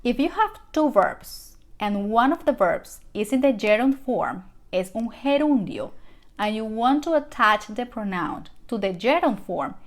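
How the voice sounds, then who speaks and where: Slow, careful teacher woman. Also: fairly high pitch. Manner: slow, careful model sentences with questions to the viewer. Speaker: Spanish teacher. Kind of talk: language lesson.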